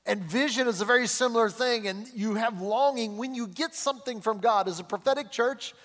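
A middle-aged male pastor preaching a sermon in a church in a chatty way, chuckling often and slowing down to stress key words. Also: extremely high pitch, fairly bright tone. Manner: conversational preaching, chuckles often, slows and rises for emphasis. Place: church sanctuary. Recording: long hall reverb.

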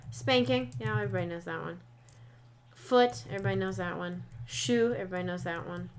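A woman's voice: mid-range voice, slight background noise. A woman co-hosting a casual podcast chat, giggling often and reading passages aloud with mock drama. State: has the hiccups. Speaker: podcast co-host.

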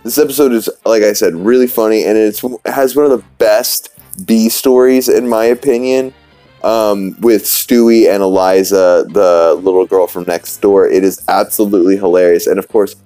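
A man's voice: fairly low pitch, steady tone, moderate pace, mellow, no room sound, soft background music. A man hosting a podcast, recapping a cartoon episode in a rambling, sarcastic way with lots of fillers. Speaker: podcast host. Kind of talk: casual recap commentary.

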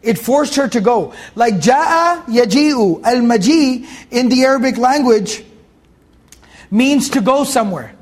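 A man's voice: extremely high pitch, measured pace, a little mellow. A man giving a Quran commentary lesson, explaining Arabic words and repeating key phrases for his students. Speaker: Quran teacher.

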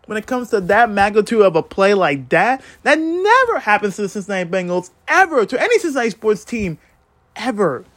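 A man giving a casual, excitable game recap as a fan vlogger, swearing freely and swinging up and down in pitch. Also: a little fast, no echo.

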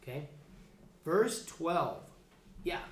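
Guy teaching a bible class, kinda high voice, super casual, lots of restarts, echoey room. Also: big pitch swings, very slow. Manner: casual, chatty, restarts a lot. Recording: echoey room, faint background noise.

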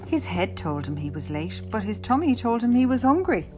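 A woman reading a picture book aloud as a bedtime story, slow and very expressive. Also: on the high side, music in the background.

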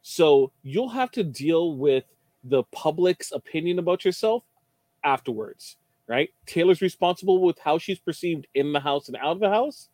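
A man's voice: a little high, animated, moderate pace, darkish tone, no room sound. A man co-hosting a casual podcast chat, stressing his points and repeating them. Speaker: podcast co-host.

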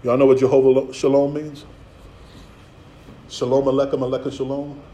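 Streetwise preacher in an echoey room. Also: male voice, medium pitch, level tone, normal speed, mellow, lo-fi sound. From Philadelphia. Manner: streetwise preaching with playful asides and acted-out voices. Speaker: pastor. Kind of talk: sermon.

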